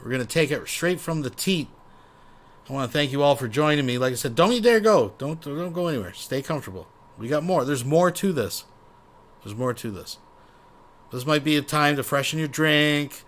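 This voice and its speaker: A man's voice: a little high, brisk, fairly bright tone. Rambling, profane commentary host man. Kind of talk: casual reaction commentary.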